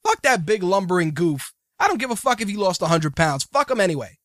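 A man's voice: high-pitched, very animated, quick pace, a bit bright, no room sound, clean studio sound. A man hosting a podcast, ranting in profane casual banter. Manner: ranting, swearing, mocking. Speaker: podcast host.

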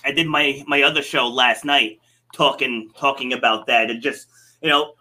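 A man's voice: medium pitch, steady tone, normal speed, sharp tone. A man hosting a podcast, chatting casually and telling stories animatedly, laughing often. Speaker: podcast host. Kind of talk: casual conversation.

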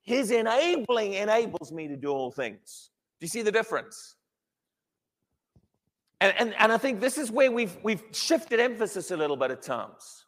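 Animated preacher man in a reverberant hall. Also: sits high, moderate pace. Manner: animated, emphatic, with repeated restarts. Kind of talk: sermon.

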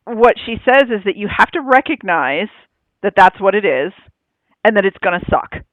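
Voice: medium pitch, sing-song, moderate pace, no room sound. A co-host sharing reflective thoughts in casual chat, swearing now and then. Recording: tinny phone-like line, dry.

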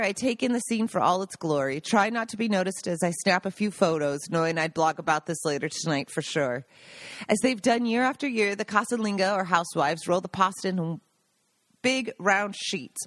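A woman's voice: medium pitch, dry recording. Woman reading her own book aloud. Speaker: podcast host.

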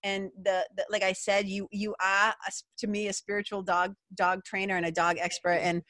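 A woman's voice: medium pitch, flat delivery, moderate pace, bright, forceful tone, dry recording. A woman hosting an interview podcast, talking in an effusive, rambling way with many restarts. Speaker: podcast host. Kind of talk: casual interview chat.

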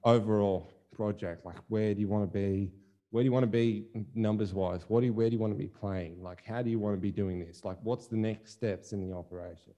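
A man's voice: on the low side, fairly even intonation, brisk, dark tone. A young adult man co-hosting a podcast, speaking candidly and thinking aloud, with lots of "like" and some mild swearing. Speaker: podcast co-host, musician. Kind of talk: casual chat.

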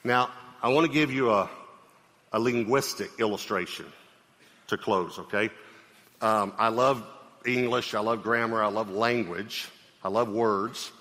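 In a live sermon recorded in a reverberant hall, a middle-aged male pastor with a Southern US accent preaches conversationally, repeating phrases and checking in with his listeners. His voice is on the low side, unhurried, bright, and forceful.

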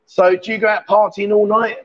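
High-voiced man teasing his guests. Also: little pitch movement, brisk, fairly bright tone, a little hiss or hum. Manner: teasing, jokey and chatty. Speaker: livestream host. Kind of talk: live bar stream banter. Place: bar. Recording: dull lo-fi stream audio.

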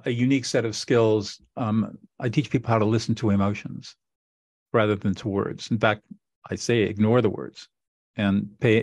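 A man's voice: mid-range voice, a little mellow, dry recording. A middle-aged man hosting a podcast interview, explaining in an earnest, instructive way and repeating phrases for emphasis. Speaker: podcast host. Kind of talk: conversational interview.

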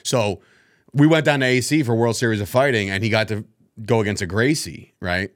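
A man hosting a podcast in casual chat, cracking jokes, swearing freely and breaking into loud laughs. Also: on the low side, a little fast. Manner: joking, swears a lot, loud bursts of laughter. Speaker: podcast host.

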